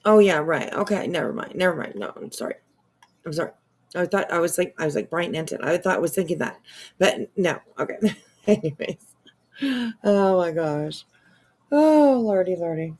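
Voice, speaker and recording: A woman streamer giving chatty, sarcastic commentary on online drama, with drawn-out exclamations and casual swearing. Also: lowish voice, expressive, a little mellow. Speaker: live streamer.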